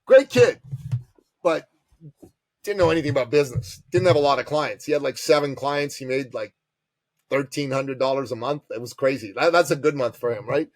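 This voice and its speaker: A man telling a business story as a podcast guest, animated and emphatic, calling the listener brother. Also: medium pitch, a little fast, no echo.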